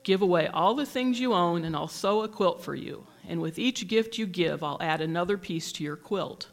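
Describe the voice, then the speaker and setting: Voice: mid-range voice, lively intonation, normal speed, vocal fry. A reader voicing a kind old quilt maker. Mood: gentle.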